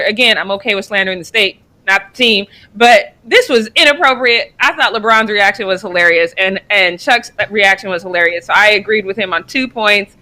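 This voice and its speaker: A young woman from Colorado co-hosting a casual sports chat show, animated and quick to laugh, sometimes stumbling over names. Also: mid-range voice. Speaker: co-host.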